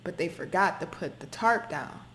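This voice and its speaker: A woman's voice: fairly low pitch, lively intonation, normal speed, a bit bright, a little hiss or hum. A woman giving a spoken tarot reading to her viewers, talking emphatically, repeating herself and swearing freely. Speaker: tarot reader.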